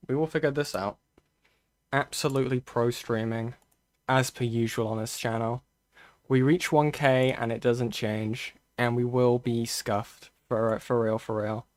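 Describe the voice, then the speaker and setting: Speaking to his stream chat while reading on-screen material, a man with an ordinary mid-range voice keeps his intonation fairly even. A close desk mic gives a dry sound with no room around it. His delivery is halting, full of restarts and frequent "okay"s as he thinks out loud.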